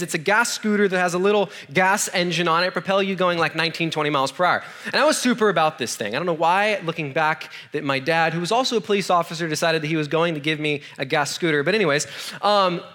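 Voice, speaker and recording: A young man preaching to a room, telling a funny personal story in a loose, animated way with lots of fillers. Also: fairly high pitch. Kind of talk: sermon storytelling. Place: room with an audience.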